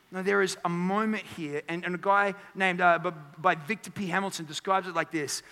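Male pastor, sermon delivery, high bright voice, earnest and emphatic with stumbling restarts, in an echoing hall. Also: brisk, few pauses. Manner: earnest, builds to emphatic peaks, stammers restarts. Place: church hall. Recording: long church hall reverb.

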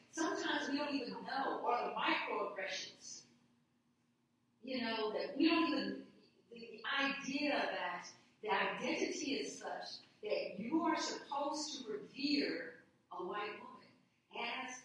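A woman's voice: fairly high pitch, a bit bright. A woman law professor speaking as an interview guest, emphatic and storytelling, repeating key phrases for weight. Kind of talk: passionate conversational interview. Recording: echoey room, distant mic, faint noise.

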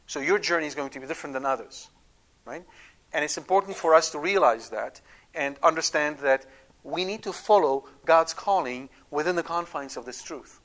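A man's voice: fairly high pitch, fairly bright tone. A man giving an emphatic Catholic teaching talk, often checking in with his listeners. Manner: acts out quoted prayers. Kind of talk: catechetical talk.

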